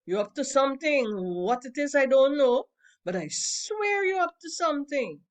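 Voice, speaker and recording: A woman reading a sharp-tongued scolding mother. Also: high voice, lively intonation, normal speed, voice pushed up. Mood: teasing. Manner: loud, mocking, dialect-heavy. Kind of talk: reading a play aloud.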